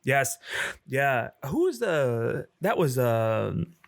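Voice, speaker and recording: A man's voice: mid-range voice, very animated, very slow, vocal fry. A man co-hosting a podcast in casual chat, eager and keen, calling his friend "dude" often. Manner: enthusiastic, says "dude" a lot. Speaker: podcast co-host.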